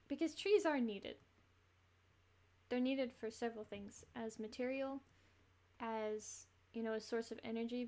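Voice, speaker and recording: Woman streamer rambling thru a farming game, laughs a lot, voice a bit high. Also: darkish tone. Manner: chatty, rambling, laughs between thoughts. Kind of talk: casual gameplay commentary.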